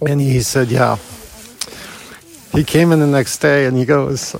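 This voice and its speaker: A middle-aged man telling a personal story in an earnest, reflective way, with halting pauses. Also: mid-range voice, fairly even intonation, creaky.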